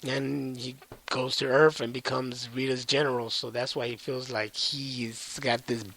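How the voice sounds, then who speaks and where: A man's voice: mid-range voice, flat delivery, a little slow, gravelly, a bit bright, low-quality recording. A man reviewing comics in casual chat, rambling and hedging with loose slang.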